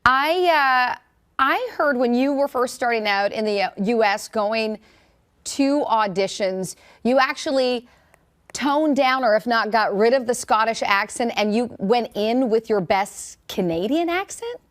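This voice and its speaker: A woman co-hosting a morning show, with a voice pitched a little high. She asks her questions in a playful, teasing way. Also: a little slow, a bit bright.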